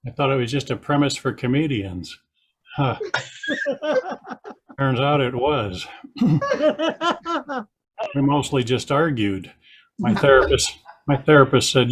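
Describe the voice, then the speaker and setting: A man's voice: mid-range voice, sing-song, slow pace, pauses often, slight background noise. An older man doing a dry, self-deprecating stand-up set over a video call. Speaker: stand-up comedian.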